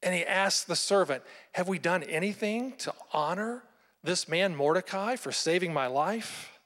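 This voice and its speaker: A man delivers a sermon, retelling a scripture story with animated storytelling and frequent rhetorical questions. His voice sits slightly high for a man. It carries with a long reverb, as in a large hall. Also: measured pace. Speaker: pastor.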